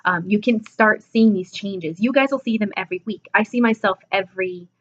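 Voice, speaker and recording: A woman's voice: mid-range voice, fairly quick. Woman in her 20s, casual vlog chat, drowsy and joking, muffled lo-fi sound. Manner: chatty, self-deprecating, laughs often. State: sleepy, yawning. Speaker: vlogger. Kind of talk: casual self-assessment vlog.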